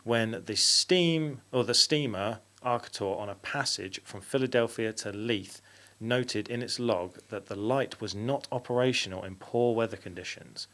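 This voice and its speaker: A man's voice: mid-range voice, normal speed, few pauses, fairly bright tone. Man, podcast host, reading facts aloud, casual chat, self-correcting.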